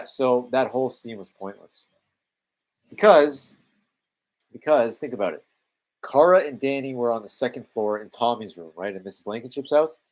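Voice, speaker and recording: He has a medium-pitched, somewhat dark voice and a Canadian accent. As a live-streamer commenting over a movie, he sounds exasperated and sarcastic, swearing without restraint.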